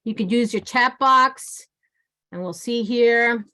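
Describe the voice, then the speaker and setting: A woman's voice: a little high, takes it slowly, pushed and bright. A woman in her fifties giving an online workshop in a conversational way, often checking in with "right?" and calling on listeners by name. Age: 50s. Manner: conversational, keeps asking "right?"; engages audience by name, chatty. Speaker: workshop presenter. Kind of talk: online webinar presentation. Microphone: video call.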